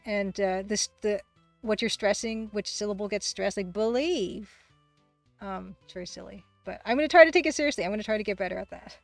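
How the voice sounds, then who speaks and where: Fast-talking rambling woman streamer. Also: mid-range voice, creaky, no echo, soft background music. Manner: rambling, talks fast, self-deprecating, frequent laughter. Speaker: livestream host and game artist. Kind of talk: casual livestream chat.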